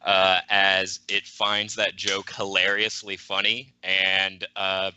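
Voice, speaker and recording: Tabletop player: man, slow and halting, bright smooth voice, dry lo-fi sound. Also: low voice, completely flat delivery. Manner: hesitant, many fillers. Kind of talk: tabletop game play. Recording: dry lo-fi audio.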